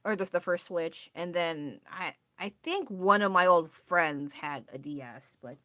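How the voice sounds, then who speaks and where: A woman's voice: fairly low pitch, animated, unhurried, sharp tone, no echo, clean studio sound. A woman chatting casually on a drawing livestream, rambling and restarting her sentences and laughing often. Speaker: art streamer.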